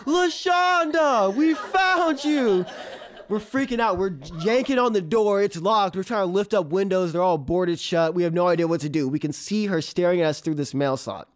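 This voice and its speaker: A man, a comedian, telling a personal story on stage in an animated way, often laughing and imitating a cat's meows. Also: high voice, a little fast, hardly any pauses. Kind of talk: live storytelling.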